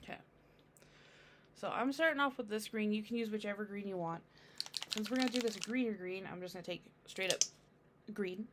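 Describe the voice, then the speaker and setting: A woman's voice: mid-range voice, brisk, pauses often, noisy background. A woman streaming a casual painting tutorial, chatting with her audience and thinking aloud as she works.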